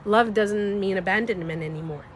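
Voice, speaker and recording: A woman with a slightly stuffy nose, chatting casually on a livestream. She talks in an animated, emphatic way, swears freely and speaks to her viewers. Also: medium pitch, normal speed, a little hiss or hum. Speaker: livestreamer and beauty coach.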